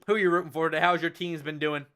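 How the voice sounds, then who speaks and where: High bright voice, guy doing live football play-by-play on stream, gets super hyped on big plays. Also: racing, clear, resonant tone. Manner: excitable, shouts on big plays, chatty asides to chat. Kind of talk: excited live play-by-play commentary. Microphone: headphones with mic at a desk.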